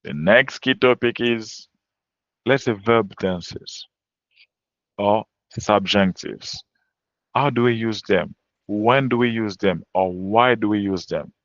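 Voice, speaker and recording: A man's voice: lowish voice, fairly bright tone, no room sound, dull audio. A native French-speaking man teaching French in a webinar, giving plain advice in short, repetitive instructions. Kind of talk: webinar lecture.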